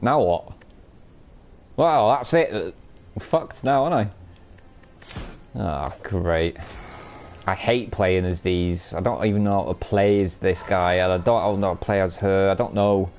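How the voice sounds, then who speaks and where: A man streams a card game live, commenting on his plays, bantering and teasing chat, and swearing freely. His voice sits low and a little mellow, with a measured pace and frequent pauses, on lo-fi sound.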